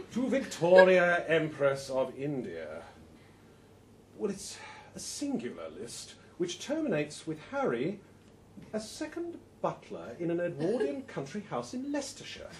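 A man reads a first-person story at an unhurried pace, his pitch sitting a little high and moving a lot. His tone is dry and understated, with soft laughs and "well" openers. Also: a little hiss or hum.

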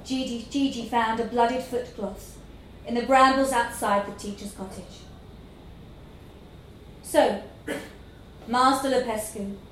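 A woman reading a literary story aloud in a slow, measured storytelling manner. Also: a little high, a little hiss or hum. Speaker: narrator. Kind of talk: scripted narration of a literary story. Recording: echoey room with faint ambience.

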